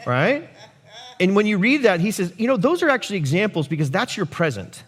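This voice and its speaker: A male pastor preaching a sermon, animated, with jokey asides and quotes he acts out. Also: high-pitched, brisk.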